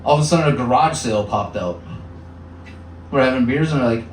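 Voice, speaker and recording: Stand-up comic in an echoey bar. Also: male voice, mid-range voice, fairly quick, long pauses, a little hiss or hum. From Upper Peninsula of Michigan. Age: 30s. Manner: conversational with filler words, acts out voices. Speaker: stand-up comedian. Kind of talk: stand-up comedy set. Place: small bar. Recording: echoey bar room, mic heard from a distance.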